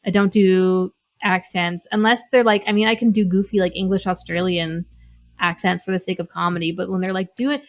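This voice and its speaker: A woman's voice: lowish voice, level tone, brisk. Chatty, frank woman hosting a podcast. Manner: laughs readily, candid and chatty. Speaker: podcast host. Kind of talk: casual interview chat.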